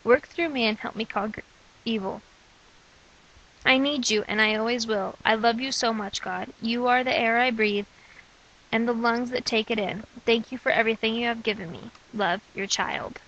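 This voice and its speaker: A young woman reading her own letters, prayers and poems aloud in an earnest, measured way. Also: a little high, a bit bright, dull audio, slight background noise. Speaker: person sharing her own testimony.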